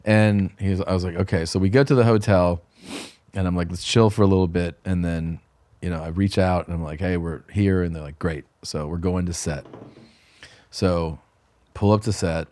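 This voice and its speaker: A man guest telling a casual, animated story, acting out quoted dialogue and laughing often. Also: low-pitched, moderate pace. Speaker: guest comedian.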